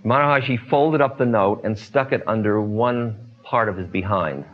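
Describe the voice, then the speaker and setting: A man with a lowish voice tells spiritual stories to his listeners at an unhurried pace, pausing and filling gaps with ums. The recording is dull and lo-fi. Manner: unhurried, many pauses and fillers. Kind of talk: storytelling talk.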